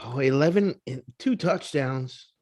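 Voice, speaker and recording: A man's voice: mid-range voice, unhurried, darkish tone, no room sound, clean studio sound. A man co-hosting a casual betting podcast, hesitant and second-guessing himself, often stumbling over his words. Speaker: podcast co-host. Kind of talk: casual sports betting chat.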